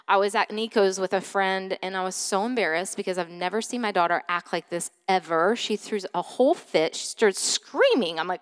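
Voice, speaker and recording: A woman's voice: mid-range voice, a little fast, few pauses, clear, resonant tone, long reverb tail. A woman pastor preaching a sermon in a chatty storytelling way, full of fillers, dropping to whispered asides now and then. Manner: conversational storytelling with many fillers; swings from loud to soft whispered asides.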